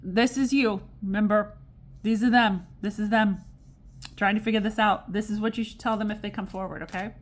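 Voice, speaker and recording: Woman, tarot reader, casual reading to camera, rambling, medium pitch, faint background noise. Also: fairly even intonation, moderate pace. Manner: chatty, rambling and digressive; exasperated and amused.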